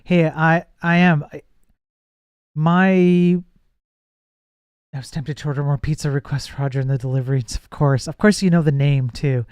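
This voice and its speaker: Man, casual live-stream chat, mellow dark tone, dry close sound, thinks aloud while coding. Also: fairly high pitch, fairly even intonation, normal speed, pauses often, clean tone, dry recording. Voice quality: says his voice gets nasal when projecting. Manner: thinks aloud, reads chat, trails off and restarts.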